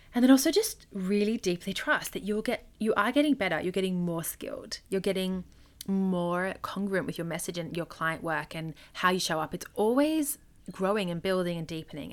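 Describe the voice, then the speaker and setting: Solo podcast host, woman with a slightly low voice, earnest and conversational, gentle encouragement. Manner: earnest, loose and conversational with frequent "like".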